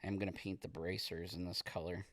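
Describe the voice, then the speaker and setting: A man streaming as he paints miniatures, chatting casually in a relaxed, rambling way and reading viewer comments aloud. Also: low-pitched, fairly quick, dry recording, studio quality. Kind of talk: casual livestream chat while painting.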